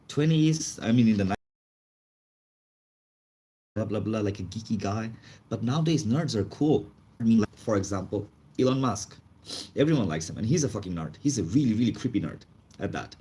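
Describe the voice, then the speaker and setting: A man hosts a casual livestream, chatting in halting, English. His voice sits a little low, and he breaks into laughs often. A faint background hiss runs under the talk. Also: mellow. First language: Chinese. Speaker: livestream host.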